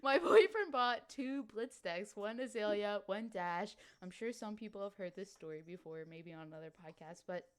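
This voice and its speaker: Woman co-host, slight Cajun accent, smooth clear voice, chatty and loose. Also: medium pitch. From Louisiana. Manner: chatty, lots of "like" and quick laughs. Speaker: podcast co-host. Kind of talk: casual chat.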